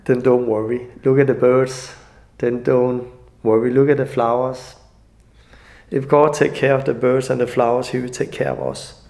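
Gravelly, tearful man, earnest and halting. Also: mid-range voice, flat delivery, a little mellow. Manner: earnest, halting, non-native phrasing. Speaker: evangelist. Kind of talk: emotional personal video message.

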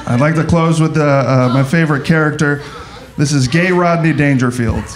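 A man performing a stand-up comedy set, animated and exaggerated, jumping in and out of mock voices. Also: fairly high pitch, moderate pace, crowd noise. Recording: live club with audience laughter.

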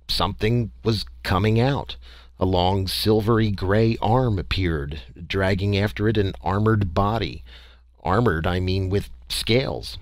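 A man narrating an audiobook in a measured first-person storytelling manner. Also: low voice, dry recording.

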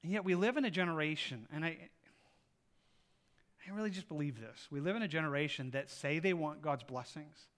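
Animated bright-voiced male pastor preaching. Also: a little high, a little fast. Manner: animated preaching, acts out voices of people praying. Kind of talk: sermon.

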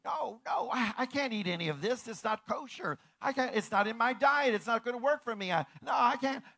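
A man's voice: very high voice, lively intonation, brisk, vocal fry, sharp tone, no room sound, studio quality, pitched above the performer's own voice, full character voice. A man preacher acting out a flustered male apostle who keeps refusing, in pleading, emphatic bursts. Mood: protesting.

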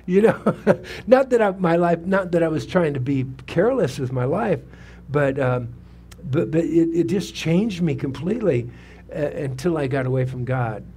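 An older man in his seventies preaches in a church sanctuary, his voice sitting a little high for a man. He tells his testimony in a loose, conversational way and keeps asking the congregation questions. A faint hum runs underneath the recording. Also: lively intonation, moderate pace, hardly any pauses, warm tone. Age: 70s. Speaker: pastor. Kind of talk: sermon with personal testimony.

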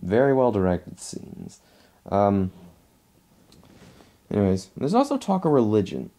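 A man's voice: lowish voice, big pitch swings, measured pace, mellow. A man giving a casual movie review, rambling and restarting his phrases as he talks at home.

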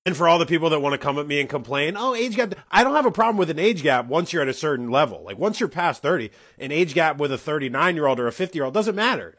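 A man delivering a heated, scolding monologue, swinging from loud emphasis to hushed asides. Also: a little high.

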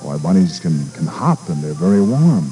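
A calm, wise silver wolf from a storybook, as a radio reader puts him on. He talks slowly and deliberately in a very deep, dark voice that rises and falls with feeling, gently reassuring a small creature. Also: faint music behind, poor audio. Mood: gentle, reassuring. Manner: slow, deliberate and kindly.

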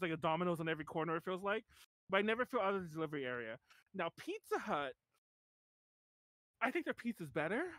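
A man with a high voice that swoops up and down as he hosts a casual podcast chat. He laughs easily and keeps urging the group to move faster. The sound is close and dry, with no room around it. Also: dry recording. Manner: lively, quick to laugh, hurries the segment along. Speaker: podcast host leading the tier list.

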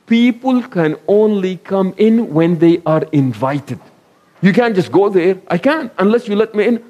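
An imam gives a conversational sermon to a live audience, asking them questions, sharing anecdotes, and sprinkling in Arabic phrases. His voice sits high and sounds a little mellow.

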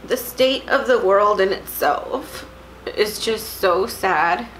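A woman from Texas in her thirties, vlogging at home in a halting, tearful way, close to crying. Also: medium pitch, a little hiss or hum, poor audio. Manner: tearful, halting, soft-spoken. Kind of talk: emotional personal vlog.

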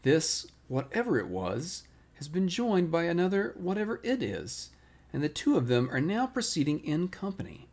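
A man's voice: on the high side, huge pitch swings, moderate pace, darkish tone, pitched above the performer's own voice, exaggerated voice. A man voicing a thoughtful male teddy bear in a bedtime storybook reading, ponderous and musing.

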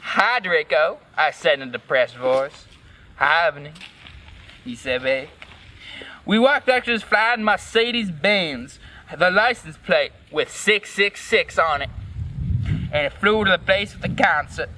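Guy with a high voice doing a comic dramatic read of a story, first person, drops swears for laughs. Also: expressive, measured pace, bright, forceful tone. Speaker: host reading a fan story aloud.

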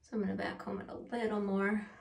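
A woman's voice: medium pitch, little pitch movement, fast talker, creaky. A woman chatting through a home how-to vlog, self-deprecating and laughing at herself. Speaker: beauty vlogger. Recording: roomy echo, mic at a distance.

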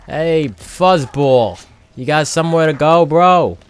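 A man's voice: on the high side, takes it slowly, voice pushed up. A man putting on a brash, swaggering New York street tough's voice with a New York accent, playing a shady local.

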